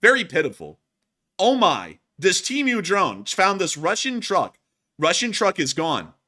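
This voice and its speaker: A man putting on a monotone text-to-speech narrator bot, speaking in clipped, broken sentences. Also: sits high, measured pace, pitched above the performer's own voice, heavily acted. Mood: robotic. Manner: clipped broken sentences, flat robotic delivery.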